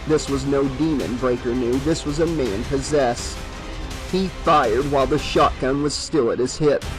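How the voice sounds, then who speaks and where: A man giving a steady, measured audiobook narration of a horror novel. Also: medium pitch, music in the background, low-quality recording.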